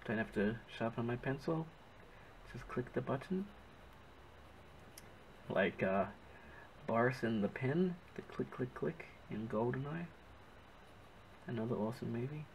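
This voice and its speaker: An Australian man talks through his drawing in a loose, chatty ramble, correcting himself as he hunts for words. His voice is gravelly, with fry in it. A faint background hiss sits under the recording. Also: mid-range voice, lively intonation, measured pace, long pauses, low-quality recording. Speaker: artist narrating his drawing. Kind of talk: casual rambling commentary while drawing.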